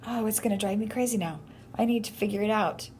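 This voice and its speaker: Woman co-host, mid-range voice, relaxed chatty replies, light background hiss. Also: mid-range voice, low-quality recording. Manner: agreeable, quick reactions, laughs. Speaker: podcast co-host. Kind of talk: casual chat.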